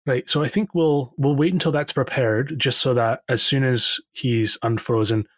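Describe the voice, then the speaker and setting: A man voicing a kindly human woman cleric who runs a healing house, polite and brisk. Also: rumbling low, dry recording, studio quality.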